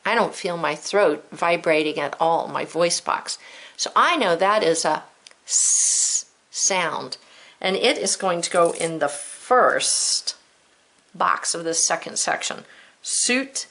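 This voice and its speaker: A woman's voice: on the low side, unhurried, a bit bright. A woman teacher giving a recorded spelling lesson to children, patient and encouraging, stretching out the sounds of words.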